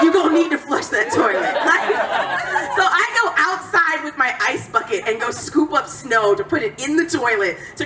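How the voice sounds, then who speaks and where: A woman performing a stand-up comedy set, animated, jumping to a high excited pitch on her punchlines. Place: comedy club stage. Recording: live club recording from a distance, loud crowd laughter and noise.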